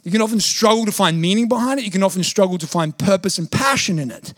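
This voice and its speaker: A man's voice: high-pitched, fast talker, dry recording, studio quality. A man, preaching a sermon as pastor, telling a funny story animatedly and acting out the voices of others. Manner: animated, acts out quoted voices, jokey.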